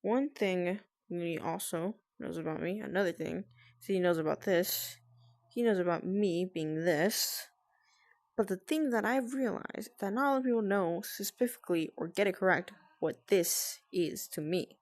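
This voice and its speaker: Hushed, gravelly woman vlogger. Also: on the low side, normal speed. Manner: hushed and careful, with nervous laughs. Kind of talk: casual explainer talk to friends. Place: at home with family nearby.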